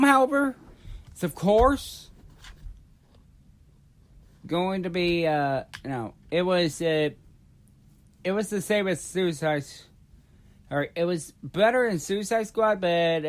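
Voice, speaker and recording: Male vlogger, high voice, unhurried, halting casual rant with lots of fillers. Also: expressive. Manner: rambling, halting, many fillers and restarts. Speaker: YouTube vlogger.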